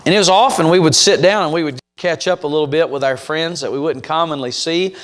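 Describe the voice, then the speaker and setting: A man preaching at a revival, telling stories with punch and speaking straight to the pews. His voice sits fairly high for a man. Long reverb from the church sanctuary trails every phrase. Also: brisk. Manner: emphatic, storytelling, direct address to congregation. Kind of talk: sermon.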